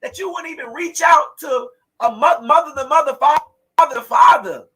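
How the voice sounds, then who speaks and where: A woman's voice: sits high, moderate pace, poor audio. Angry, fiery woman talk host. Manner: fiery, preachy, swings into shouting. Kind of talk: impassioned live talk show.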